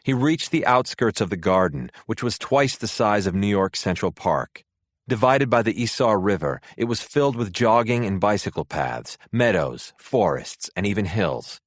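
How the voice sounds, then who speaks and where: A man narrates a thriller audiobook in a low voice with wide, lively pitch. The sound is close and dry, with no room around it. He keeps a steady storytelling pace. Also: normal speed, dry recording.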